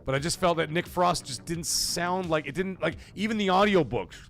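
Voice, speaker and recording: A man's voice: fairly high pitch, animated, moderate pace, a bit bright, soft background music. A man hosting a livestream, chatting casually and profanely in a rambling way while reading chat messages. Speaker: livestream host.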